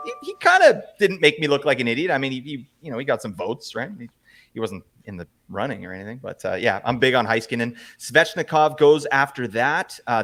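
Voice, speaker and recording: A man hosting a casual podcast chat, teasing his co-hosts and giving quick recaps. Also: mid-range voice, very noisy. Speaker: podcast host. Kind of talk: casual fantasy hockey chat.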